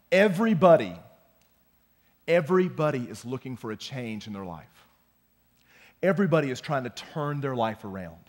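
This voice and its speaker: A young man giving a youth sermon as student pastor, animated and often close to shouting. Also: on the high side. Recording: long hall reverb.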